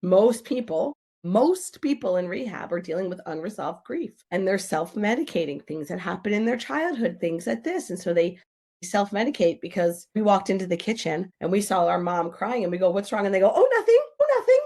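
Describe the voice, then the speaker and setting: A woman talking on a podcast as a grief expert, her voice carrying a gravelly, fried edge. She speaks with emphatic energy and slips into little acted-out voices to make her points. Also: medium pitch, normal speed. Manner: animated, emphatic, acts out quoted voices. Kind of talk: podcast interview.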